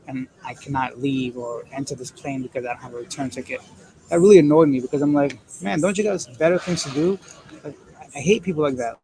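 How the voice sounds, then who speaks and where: A man's voice: medium pitch, poor audio. A man live-streaming from an airport transit area on his phone, chatting casually and jokingly as he reads viewer comments. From Canada. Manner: joking, rambling, candid. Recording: busy airport crowd noise. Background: crowd chatter and PA announcements.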